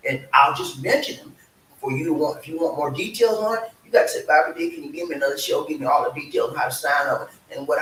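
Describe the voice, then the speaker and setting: A man hosting a casual livestream show, talking in a folksy way and calling on his audience to answer him. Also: medium pitch. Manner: lively, folksy, calls for audience response. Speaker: show host. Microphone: streaming setup. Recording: echoey room, mic at a distance, faint hiss.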